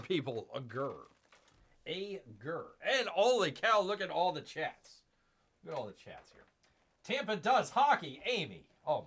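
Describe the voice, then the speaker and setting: A man's voice: on the high side, bright, forceful tone. A man hosting a casual live stream, rambling and self-mocking as he unboxes comics and reads chat, calling himself Bear.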